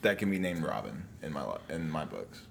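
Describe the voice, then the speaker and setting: A man's voice: rumbling low, very animated, a little fast, gravelly, a little hiss or hum. A young man in goofy, playful, profane banter as a podcast co-host. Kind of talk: casual chat.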